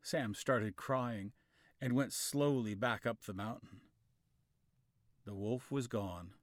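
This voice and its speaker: A man reading a children's story aloud, slow, clear and expressive. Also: on the low side, no room sound, studio quality. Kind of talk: storybook narration.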